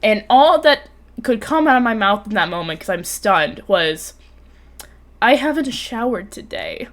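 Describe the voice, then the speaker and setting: Young woman host, chatty and animated, swears a lot, laughs a lot, everyday mid voice. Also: medium pitch, moderate pace. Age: 20s. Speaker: podcast host. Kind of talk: casual storytelling chat. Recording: remote call, co-host audio cutting out.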